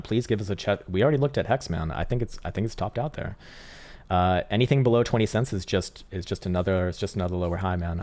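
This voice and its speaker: Laid-back, very deep-voiced male streamer. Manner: laid-back, swears often, says "man" a lot, laughs loudly. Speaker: livestream crypto trading host. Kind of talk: casual live-stream commentary.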